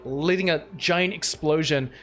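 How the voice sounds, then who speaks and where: A man with a high voice narrates a tabletop game as its game master. He talks loosely, with many fillers and restarts. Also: measured pace, fairly bright tone.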